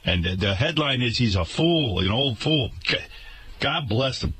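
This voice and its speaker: In a radio studio with a noisy background, a male host rants about how his workplace is managed, sounding indignant and sarcastic. His intonation is lively and his pitch swings widely, though he keeps a measured pace.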